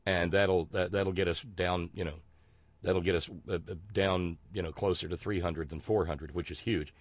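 A man's voice: deep voice, fairly even intonation, moderate pace, dry recording. A man hosting a casual political talk show, rambling and sarcastic, with many restarts. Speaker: host.

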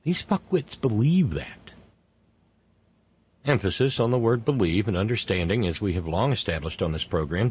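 A man hosting a political commentary monologue, indignant, stretching key words slowly for emphasis. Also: lowish voice, slightly rough. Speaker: host.

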